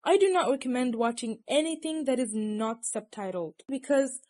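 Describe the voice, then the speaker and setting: A woman's voice: on the high side, moderate pace, a little mellow. A young woman who speaks natively, giving casual, teasing study advice to her viewers and laughing often. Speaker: language tips presenter.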